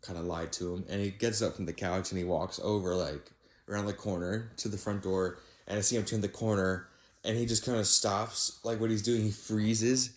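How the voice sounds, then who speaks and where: A young man casually narrating a storytime anecdote, voice jumping higher when he quotes his own disbelief. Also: moderate pace. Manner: animated, rises sharply when quoting himself in disbelief. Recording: echoey room.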